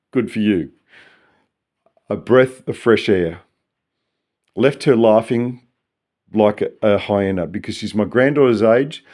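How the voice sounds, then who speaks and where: A man's voice: on the low side, dark tone. An older man with an Australian accent talking in a rambling, tangential, sometimes profane solo monologue. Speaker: vlogger.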